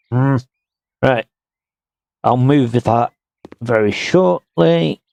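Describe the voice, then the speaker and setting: Male streamer, very slow and gravelly, thinking aloud over gameplay, dry close sound. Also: medium pitch, darkish tone, no room sound. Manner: slow, muttering to himself while working. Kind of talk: casual gameplay commentary.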